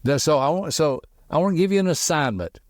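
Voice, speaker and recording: A middle-aged man hosting a motivational podcast, talking quickly and emphatically in a folksy way, with personal stories. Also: on the high side, lively intonation, no echo, studio quality. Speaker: podcast host and personality teacher.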